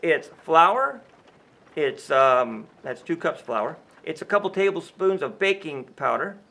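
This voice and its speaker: A man hosting a homemade show, talking his way through a recipe in a chatty, explanatory manner. His voice sits a little high. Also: sing-song, unhurried, sharp tone. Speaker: show host playing a sheriff. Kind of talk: casual cooking demonstration.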